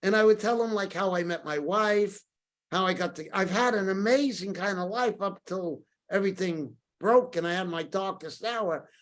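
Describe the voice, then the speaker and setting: Older man, podcast guest, animated storytelling, acts out quoted voices. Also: high voice, moderate pace.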